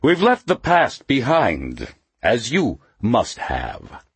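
A suspicious, grim-edged leader of the underground, speaking in a silky hiss, as a male audiobook narrator voices him. His voice sits higher than the narrator's own, husky and slow. The delivery is dry and close, an audiobook character. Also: huge pitch swings, no echo, full character voice. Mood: sardonic. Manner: silky hissing voice.

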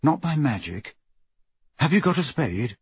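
A man reading an audiobook, voicing a desperate teenage boy wizard in a breathy voice. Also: medium pitch, big pitch swings, unhurried, no echo, voice pushed up, full character voice. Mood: numb. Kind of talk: audiobook character voice.

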